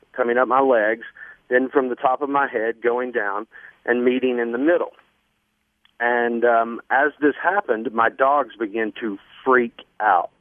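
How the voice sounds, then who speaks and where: A man guest earnestly telling a long personal story on a radio show, halting often with fillers. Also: medium pitch, dry recording. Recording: dry phone line.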